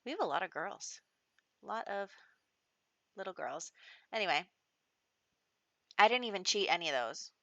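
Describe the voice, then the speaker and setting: A woman's voice: medium pitch, animated, moderate pace, pauses often, fairly bright tone, no room sound. A woman hosting a casual game playthrough, chatty and laughing often as she acts out her characters' lines, on a desk microphone. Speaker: gameplay host. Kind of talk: casual gameplay commentary. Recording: dull, dry lo-fi recording.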